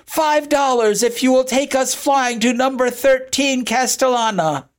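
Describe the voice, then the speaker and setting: A strong, kindly grown man from an old storybook, as the reader puts him on, reassuring and steady. His voice swings with lively pitch, and he speaks unhurriedly. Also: measured pace, breathy edge, exaggerated voice. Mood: urgent. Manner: gentle and reassuring, then urgent calling. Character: kind strong grown man, a long-lost brother. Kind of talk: storybook reading.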